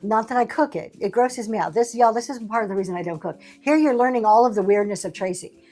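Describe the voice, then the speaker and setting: Brief: sassy, chatty woman host, a bit high-pitched, with light music playing underneath. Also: fast, mellow. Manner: chatty, sassy, laughing asides. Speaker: livestream seller host. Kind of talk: casual chat.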